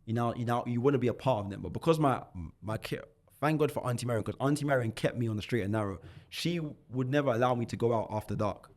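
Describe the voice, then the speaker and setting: With a mid-range voice and a fast delivery, this London man in his twenties shares his life story on a podcast. His talk is animated and slangy, and he keeps restarting and repeating words.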